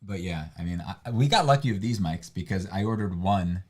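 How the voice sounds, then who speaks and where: A man's voice: sits low, lively intonation, fairly quick, darkish tone. A man co-hosting a livestream, talking casually and rambling with many restarts and fillers. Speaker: livestream co-host. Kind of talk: casual chat.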